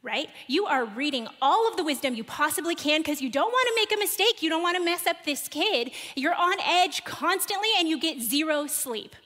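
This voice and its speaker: A high, bright woman's voice preaches to a congregation, swinging between lively storytelling and hushed questions. The sound carries a long reverb from a large hall. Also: moderate pace, hardly any pauses. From United States. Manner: animated storytelling, asks the room questions. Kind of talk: sermon.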